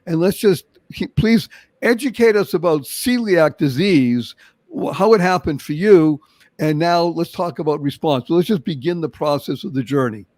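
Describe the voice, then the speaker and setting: An older man from Boston with a Boston accent, hosting a motivational interview show with animated, emphatic storytelling. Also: on the high side, moderate pace, no room sound. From Boston, Massachusetts. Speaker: show host.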